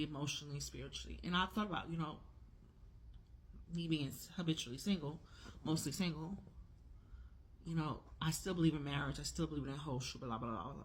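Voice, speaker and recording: A woman's voice: low voice, slight background noise. A woman in her forties speaking in a casual opinion vlog, talking emphatically and repeating her key words. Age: 40s. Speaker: vlogger.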